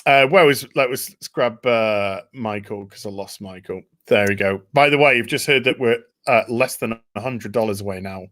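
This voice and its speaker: A British man hosting a casual live chat over a video call, excitable and sweary. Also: on the low side, normal speed, hardly any pauses. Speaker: host.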